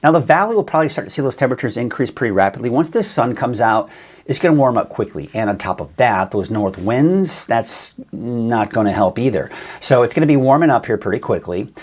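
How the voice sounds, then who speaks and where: A man's voice: medium pitch, expressive, a little fast, darkish tone, husky. A man hosting a weather forecast show, with a conversational style and some fillers and self-corrections. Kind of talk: casual weather forecast talk.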